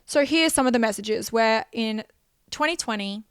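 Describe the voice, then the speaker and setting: A young woman telling a painful personal story on her podcast, circling back over her words in an emotional, rambling way. Her voice sits a little high and comes across smooth and clear, recorded close and dry with no room sound. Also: normal speed, no room sound. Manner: emotional, rambling with repeated phrases. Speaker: podcast host.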